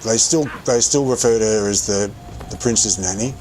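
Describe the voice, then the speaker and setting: A man's voice: lowish voice, moderate pace, darkish tone, slight background noise, poor audio. A man casually telling a rambling anecdote while playing a game, often correcting himself as he goes. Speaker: streamer telling stories while gaming.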